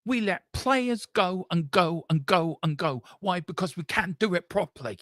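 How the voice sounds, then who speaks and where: A man's voice: sits high, expressive, moderate pace, fairly bright tone, no echo, studio quality. A man, hosting a live fan stream and ranting angrily, swearing and repeating himself. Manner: angry, sweary, repetitive ranting. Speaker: fan channel host.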